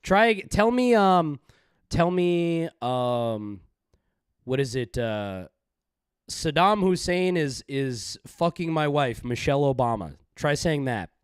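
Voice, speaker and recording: A man's voice: a little high, expressive, slow, clean tone, no echo, studio quality. A man hosting a stream, rambling with crude jokes and lots of fillers. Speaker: stream host. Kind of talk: casual stream banter.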